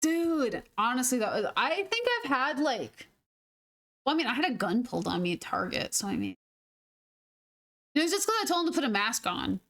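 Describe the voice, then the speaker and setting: High-voiced chatty woman. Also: normal speed, pauses often. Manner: chatty, animated, laughs and swears freely. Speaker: gaming streamer. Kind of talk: casual storytelling while gaming.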